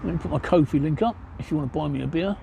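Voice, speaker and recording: A man's voice: a little high, racing, vocal fry, dark tone, slight background noise. An older English man livestreaming from his phone outdoors by a pub, answering viewers' chat in a blunt, joking, matter-of-fact way. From England. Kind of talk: casual chat Q&A. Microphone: cell phone.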